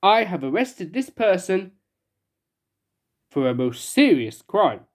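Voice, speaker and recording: A woman's voice: fairly low pitch, very animated, slow pace, a little mellow, full character voice. A woman voicing a stern male soldier who speaks stiffly and formally.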